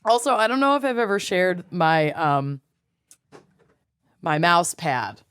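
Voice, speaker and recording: A woman's voice: fairly low pitch, sing-song, slow pace, fairly bright tone, clear, resonant tone, no echo, studio quality. A woman co-hosting a podcast in casual chat, wry and teasing. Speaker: podcast co-host.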